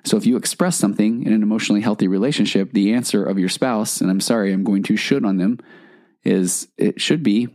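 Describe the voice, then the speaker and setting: A man's voice: fairly low pitch, a little fast, a little mellow. A man hosting a solo podcast, explaining in a conversational way and acting out examples from his clients. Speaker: podcast host and counselor.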